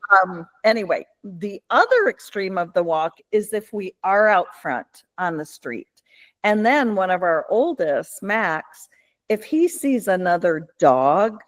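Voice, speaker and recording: Slow-talking chatty woman attendee. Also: fairly low pitch. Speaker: webinar attendee asking questions. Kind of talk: casual question and chat.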